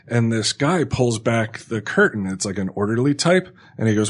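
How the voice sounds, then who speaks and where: A man's voice: lowish voice, expressive, normal speed, few pauses. Rambling, laid-back man telling a story. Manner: rambling storytelling, many filler likes, swears freely. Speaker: podcast host telling a story. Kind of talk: casual chat.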